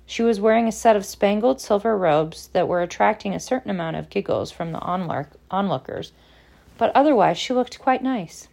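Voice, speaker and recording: A woman narrating an audiobook in a measured, expressive way. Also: medium pitch, vocal fry.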